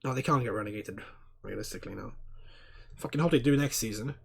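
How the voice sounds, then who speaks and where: A man doing sweary watchalong host, loose chat that flares into shouting at the ref. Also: lowish voice, fast, creaky, husky. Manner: excitable, swears a lot, erupts in loud outbursts at fouls; chats to viewers by name, reads chat aloud. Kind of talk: casual live match commentary.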